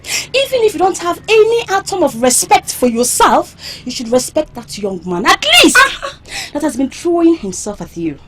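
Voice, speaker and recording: A Nigerian actress playing a fiery, sharp-tongued young village maiden who mocks and confronts loudly. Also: female voice, sits high, very animated, moderate pace, a little hiss or hum. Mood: taunting. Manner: mocking, confrontational, loud. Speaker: actor. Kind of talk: film drama acting.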